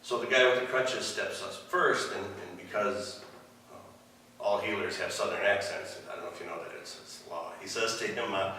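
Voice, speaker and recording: A man in his fifties, a pastor giving a relaxed, wry storytelling sermon in a church hall, far from the mic. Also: on the low side, normal speed, a little hiss or hum.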